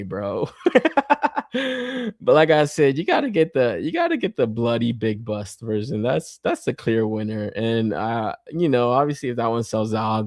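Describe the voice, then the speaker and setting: A man's voice: medium pitch, a little mellow, no echo, clean studio sound. Profane, laughing male podcast host. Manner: laughing a lot and swearing constantly; loose and rambling, with many fillers. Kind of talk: casual podcast chat.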